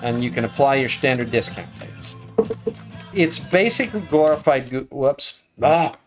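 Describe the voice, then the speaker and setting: A man's voice: mid-range voice, lively intonation, moderate pace, music in the background. A middle-aged man, a law professor guest, talking frankly and wryly in a casual interview. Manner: frank, wry, self-correcting.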